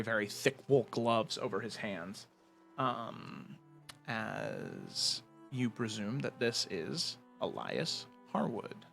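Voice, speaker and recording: Serving as game master, a man with a mid-range voice narrates a tabletop role-playing game in a relaxed way, using lots of fillers.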